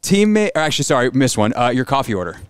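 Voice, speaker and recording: A man in his thirties hosting a sports radio interview, asking quick, upbeat questions in a casual chat. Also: mid-range voice, very animated, clean tone, dry recording, clean studio sound. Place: studio.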